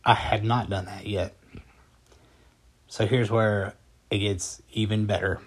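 A man casually telling a personal story as a vlogger, rambling and conversational with a calm, matter-of-fact delivery. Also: fairly low pitch, slow pace, slightly rough. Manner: rambling and conversational, with frequent fillers and restarts.

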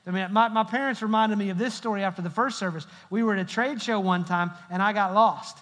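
Speaking fast in a high-pitched, fairly bright voice, a middle-aged male pastor gives a humorous sermon of stories and jokes with the congregation. The large church hall lends the recording a long reverb.

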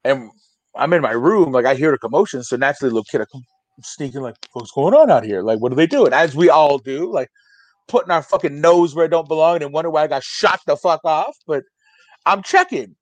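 A man's voice: a little high, brisk, dry recording. A man in his forties casually telling a profane story on a podcast, acting out the people in it. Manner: profane, animated, acts out quotes. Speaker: storyteller guest.

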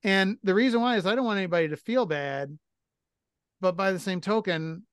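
Middle-aged guy on a podcast, kinda high voice, dry sound, swears a lot and mocks himself. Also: fairly quick, a bit bright, clear, resonant tone, dry recording. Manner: blunt, profane, self-deprecating storyteller. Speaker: podcast co-host. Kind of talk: casual chat.

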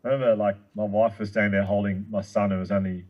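A man in his thirties, a guest speaker telling a long story in casual chat, excitable and quick. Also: on the low side, lo-fi sound.

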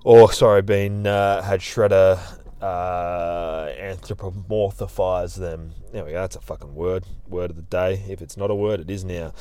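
A man's voice: sits low, steady tone, a little slow, mellow, clear, resonant tone. A man, hosting a show and recapping a comic in a rambling, heavily profane, casual way. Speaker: comic review host.

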